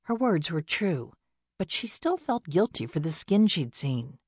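A woman narrating a novel in a steady, measured storytelling voice. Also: sits low, breathy edge, dry recording, clean studio sound. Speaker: audiobook narrator. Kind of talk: scripted narration.

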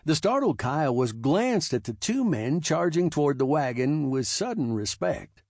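A man narrating a western novel as an audiobook, with expressive storytelling. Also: a little high, unhurried, dry recording, studio quality.

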